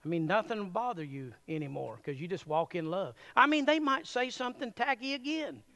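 A man preaching a sermon in a church, folksy and animated, chuckling often as he addresses the congregation. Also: sits high, brisk, gravelly. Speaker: pastor.

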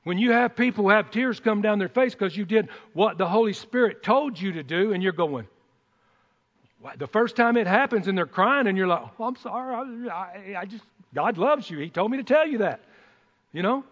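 A man preaching a sermon in a folksy, excitable way, breaking into whoops and joking asides. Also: high voice, brisk. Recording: dull sound in a reverberant hall.

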